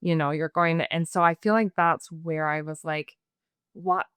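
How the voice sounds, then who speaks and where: A woman's voice: low voice, steady tone, normal speed, fairly bright tone, smooth, no room sound. A woman co-hosting a film review podcast, chatting casually about a plot, saying "like" often and voicing characters' lines. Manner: chatty, heavy use of "like", voices characters' lines.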